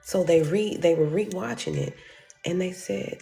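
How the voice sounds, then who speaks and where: A woman telling a personal story to her viewers in a casual, animated way, acting out the voices of the people in it. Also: lowish voice, a little slow, vocal fry, faint music behind. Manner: animated, acts out quoted voices, addresses viewers as y'all.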